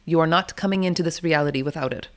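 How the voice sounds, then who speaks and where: Speaking at a quick pace in a low voice, a doula answers interview questions with blunt candor. She's animated, swears casually, and laughs frequently along the way.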